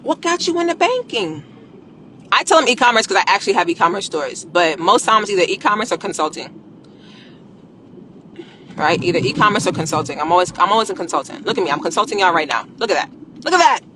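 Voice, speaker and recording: A woman talking casually on a live stream, coaching viewers on business and credit in a blunt, animated, slangy way and swearing freely. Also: fairly low pitch, quick pace, background noise.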